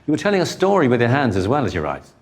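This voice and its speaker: A man coaching a speaker one-on-one, giving calm, encouraging instructions. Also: mid-range voice, rapid-fire. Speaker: presentation coach.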